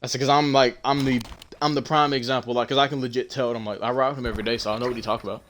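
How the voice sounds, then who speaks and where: Young man, mid-pitched, casual solo storyteller, blunt and emphatic, swears freely; fits a loose podcast rant. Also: fairly even intonation, racing, a bit bright, slight background noise. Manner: emphatic, heated retelling of an argument. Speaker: podcast host.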